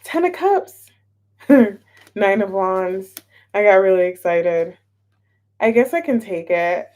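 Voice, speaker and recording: A woman's voice: mid-range voice, expressive, takes it slowly, darkish tone. A woman giving a casual live tarot reading, chatty and a little scattered, repeating herself and greeting viewers in the chat. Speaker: tarot reader.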